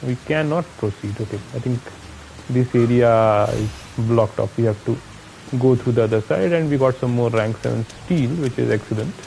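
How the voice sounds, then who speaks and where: A streamer from India with an Indian accent talks at a moderate pace in a creaky, mellow, mid-range voice, recorded poorly with some hiss or hum. He gives casual commentary on his own gameplay, muttering to himself and chatting with viewers.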